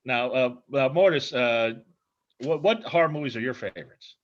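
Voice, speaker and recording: A man's voice: medium pitch, normal speed. A man hosting a talk show, chatting casually and jokingly with guests, often restarting his sentences. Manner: rambling, restarts sentences, jokey. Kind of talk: casual interview chat. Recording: dull lo-fi sound.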